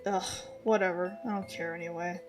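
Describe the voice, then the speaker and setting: A woman's voice: a little high, moderate pace, soft background music. A woman doing a bored, sullen goth sister. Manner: flat, bored, mumbling.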